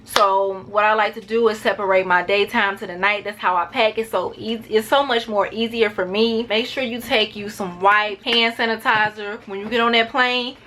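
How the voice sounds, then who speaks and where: A woman chats through a packing vlog in an easygoing, rambling way, sometimes speeding up to keep it short. Her voice sits at an ordinary middle pitch. A faint noise hangs in the background. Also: steady tone, sharp tone. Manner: chatty and rambling, addresses viewers as y'all; talks fast at times to keep it short. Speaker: travel vlogger.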